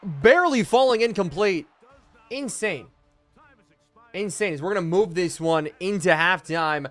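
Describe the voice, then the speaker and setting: A young man streaming a football video game live, calling plays, shouting in excitement and thanking chat. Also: sits high, faint music behind. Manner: excitable, bursts into loud exclamations, thanks viewers rapidly. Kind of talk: live stream commentary while reading chat.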